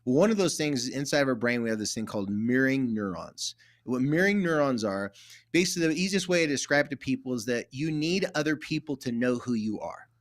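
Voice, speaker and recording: A man's voice: mid-range voice, quick pace. A middle-aged man, a therapist guest, telling stories in casual conversation and acting out quoted dialogue. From California. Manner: animated, acts out quoted dialogue.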